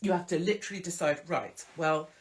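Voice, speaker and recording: A woman's voice: fairly low pitch, brisk. A woman in her forties hosts a show and gives advice in a casual monologue. She talks frankly, swears freely and mimics other people. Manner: frank and chatty, with swearing and mock voices of others. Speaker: host.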